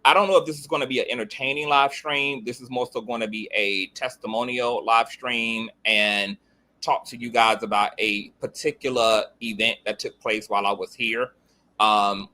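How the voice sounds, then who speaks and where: A man with a bright, forceful tone hosting his own commentary livestream. He talks in a sassy, flamboyant way, greeting viewers by name and calling them girl and honey. His pitch sits in an ordinary middle range.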